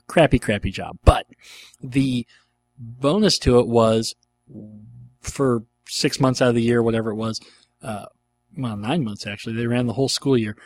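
A man's voice: medium pitch, dry recording. Rambling middle-aged man with dry sound. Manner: rambling and enthusiastic, with frequent fillers. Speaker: podcast host answering listener questions. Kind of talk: casual chat.

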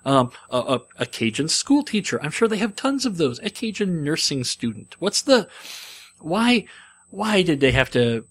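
A man's voice: fairly high pitch, big pitch swings, normal speed, breathy edge. A young adult man rambling in a casual monologue, wry and self-deprecating, with lots of ums and restarts. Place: in a car.

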